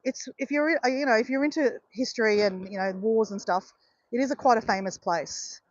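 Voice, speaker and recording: A woman's voice: on the high side, a little fast, dry recording, muffled recording. A middle-aged woman chatting casually on a walk, telling a story and often checking in with her viewers. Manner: chatty, keeps saying "guys" and "right". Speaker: vlogger.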